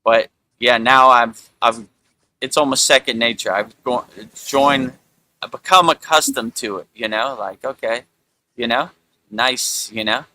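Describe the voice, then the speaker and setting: A middle-aged man hosting a spiritual talk, speaking in a relaxed, rambling way with lots of "you know". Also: mid-range voice, a little slow, poor audio. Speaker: spiritual teacher and show host.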